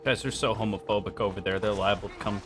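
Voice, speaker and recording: A man's voice: on the low side, fairly even intonation, fast, loud music behind the voice. A man streaming a video game live, talking casually and joking with frequent swearing and mock outbursts at the game.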